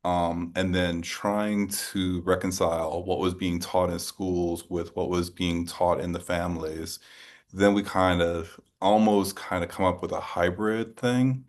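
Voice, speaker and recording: Hosting an interview conversationally, a man from New Orleans, USA, speaks in a low voice with fairly even intonation. His questions come haltingly, with lots of rephrasing along the way.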